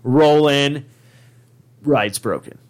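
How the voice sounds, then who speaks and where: A man's voice: mid-range voice, very slow. A man with a mid-range voice tells a comic story on a podcast. He rambles, piles on fillers and swears freely, keeping it casual and conversational. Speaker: podcast host.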